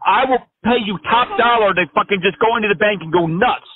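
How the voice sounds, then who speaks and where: A man's voice: high voice, a little fast. A man making a prank phone call, ranting in a brash, profane, rambling way over the line. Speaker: prank caller.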